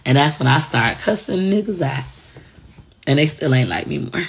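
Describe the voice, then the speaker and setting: A woman's voice: deep voice, lively intonation, normal speed, vocal fry, slight background noise. A woman in casual confessional chat, talking bluntly and frankly with plenty of profanity. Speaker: online personality.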